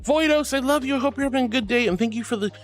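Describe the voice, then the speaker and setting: Bubbly high-pitched streamer woman. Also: racing, soft background music. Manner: bubbly and affectionate, calls viewers sweetie and honey; playful, swings between squeaky highs and low mutters. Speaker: VTuber streamer. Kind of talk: casual live-stream chat reading.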